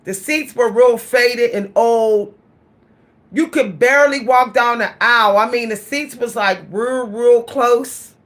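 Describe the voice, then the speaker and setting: A woman vlogger telling a story in casual chat, animated and laughing, talking straight to her listeners. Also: fairly high pitch, unhurried.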